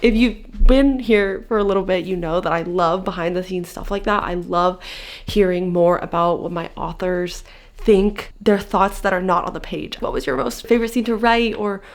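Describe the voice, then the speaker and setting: A woman's voice: fairly low pitch, moderate pace. A young woman in her twenties chatting casually in a book vlog, tired, talking loosely with lots of fillers. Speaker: book vlogger. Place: bedroom.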